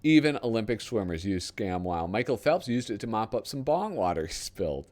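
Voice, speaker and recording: A man reading a parody ad aloud in the voice of a brash, fast-talking male TV pitchman with pushy hard-sell patter. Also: very animated, darkish tone.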